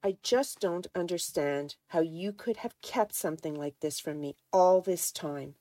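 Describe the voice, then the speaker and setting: A woman voicing a troubled, resentful grown man in a halting, strained way while reading a novel aloud. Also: on the low side, mellow, no room sound, clean studio sound, natural voice.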